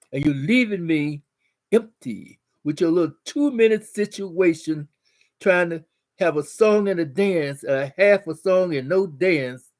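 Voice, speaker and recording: A man speaking as his fed-up, middle-aged wife, listing her grievances in his own voice. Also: a little high.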